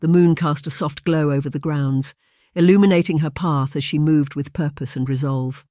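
An audiobook narrator reading a romance novel in a steady, measured storytelling manner. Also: medium pitch, dry recording, studio quality. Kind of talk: scripted narration.

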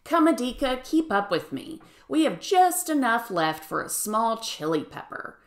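A woman voicing a patient village mother in a storybook read-aloud, gently teasing and a little exasperated. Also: fairly high pitch, big pitch swings, unhurried.

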